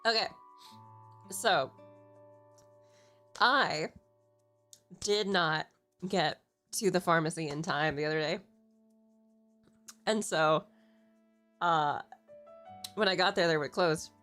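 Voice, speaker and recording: A woman's voice: lowish voice, slow pace, long pauses, a bit bright, faint music behind. A woman streamer chatting casually, rambling through a story, swearing freely and laughing often. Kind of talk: casual chat.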